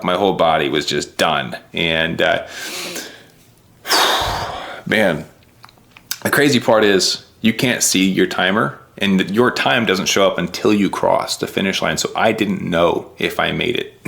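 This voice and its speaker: A man's voice: lowish voice, vocal fry, a bit bright. A man giving a heartfelt, earnest recap of his race that sometimes chokes with emotion. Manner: earnest, heartfelt, voice choking up at times. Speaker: vlogger.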